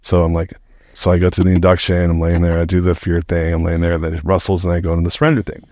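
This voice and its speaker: Middle-aged male podcast guest, deep and dry, loose profane storyteller. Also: quick pace, dry recording. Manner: animated, rambling, heavy use of "like", swears freely. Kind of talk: casual storytelling.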